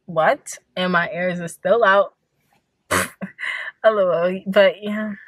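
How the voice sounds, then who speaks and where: A woman's voice: mid-range voice, dry recording. A young woman vlogging in casual chat from her parked car. She sounds tired and yawns, and she talks with lots of fillers and frequent laughs. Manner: chatty, laughs often, many fillers. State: tired, yawning. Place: parked car outdoors, hot day.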